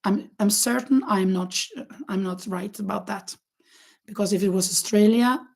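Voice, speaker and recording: A woman's voice: medium pitch, steady tone, normal speed, creaky, a little mellow. A woman hosting a crochet livestream, chatting casually with viewers, with many fillers and restarts and frequent laughs. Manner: laughs often.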